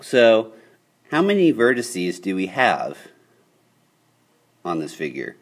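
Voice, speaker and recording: Lively low-voiced math teacher. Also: male voice, slow. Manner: upbeat, checks in with "okay?" often. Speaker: high school geometry teacher. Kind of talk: classroom video lesson.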